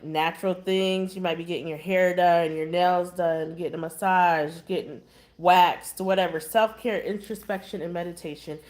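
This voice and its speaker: A woman giving a casual tarot reading, blunt and chatty with exasperated asides. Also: fairly low pitch. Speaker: tarot reader.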